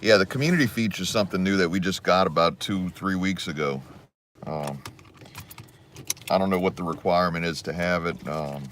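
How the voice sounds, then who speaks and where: Deep-voiced man chatting from a car. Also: a little fast. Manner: laid-back, answering viewers. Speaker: vlogger co-host. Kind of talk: casual live-stream chat. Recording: loud car noise on a phone stream.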